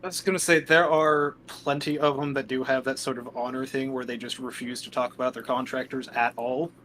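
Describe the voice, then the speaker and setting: A man's voice: medium pitch, little pitch movement, a little fast, fairly bright tone, slight background noise. A man explaining lore in a tabletop game, hesitant and full of fillers.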